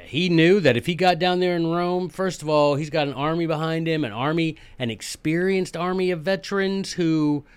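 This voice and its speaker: A man's voice: a little high, smooth, no echo. A man, hosting a history podcast in a casual, folksy, joking lecture style.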